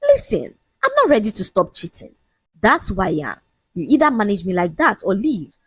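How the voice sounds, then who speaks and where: A woman's voice: mid-range voice, huge pitch swings, normal speed, husky, dry recording. Woman putting on a smug cheating man. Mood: mocking. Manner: mocking, lecturing, casually shameless. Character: scornful cheating young man, smug and dismissive.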